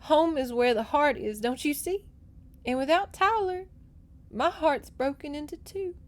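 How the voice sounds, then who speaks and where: A woman's voice: sits high, a little slow, pitched above the performer's own voice. A woman voicing a heartbroken young Southern belle who pleads tearfully in a raised, strained voice. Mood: grieving.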